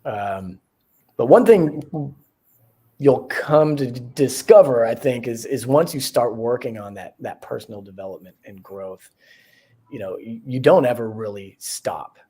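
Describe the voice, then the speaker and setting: A man's voice: mid-range voice, expressive, a little slow, mellow, breathy edge. A man co-hosting a podcast in casual chat, rambling and reflective, laughing often. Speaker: podcast co-host.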